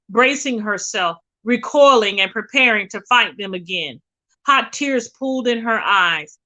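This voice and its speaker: Woman reading a suspense novel out loud, bright voice, a bit high, dramatic. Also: poor audio. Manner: expressive, dramatic storytelling. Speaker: reader.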